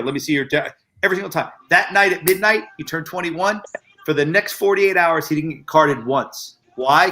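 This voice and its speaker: A man's voice: fairly high pitch, sharp tone. A man in his forties hosting a casual group chat, telling stories animatedly and laughing often. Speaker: podcast host.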